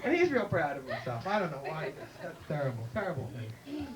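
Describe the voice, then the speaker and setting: Rambling high-voiced man doing stand-up. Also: brisk, far from the mic, slight background noise. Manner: rambling, jumps into high excited voices for punchlines. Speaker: stand-up comedian and emcee. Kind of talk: stand-up comedy. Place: comedy club stage.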